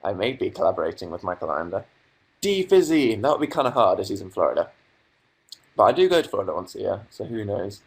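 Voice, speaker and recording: A man's voice: lowish voice, big pitch swings, quick pace, breathy edge. Sarcastic young man reading chat aloud. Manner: reads chat aloud, dry sarcastic asides. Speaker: livestream host. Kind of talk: casual livestream chat. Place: bedroom.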